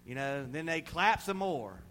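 High, bright-voiced Southern preacher. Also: male voice, expressive, moderate pace, a little hiss or hum. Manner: swings from shouted proclamation to quiet confiding. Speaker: pastor. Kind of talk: sermon.

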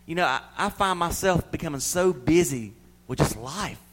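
A middle-aged man preaching a sermon, swinging between loud pleading and soft near-whispers. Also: on the high side, expressive, moderate pace.

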